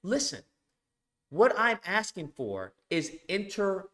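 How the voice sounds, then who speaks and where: Male streamer host, animated casual rant, cursing and hammering points, tense bright tone. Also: high-pitched, a little slow. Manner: emphatic, repetitive, swears often.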